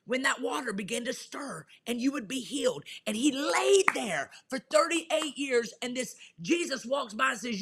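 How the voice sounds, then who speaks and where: A woman's voice: high voice, animated, normal speed, creaky, few pauses, a bit bright, a little hiss or hum. A woman pastor, a guest, sharing her testimony in a fervent, emphatic preaching style with folksy slang.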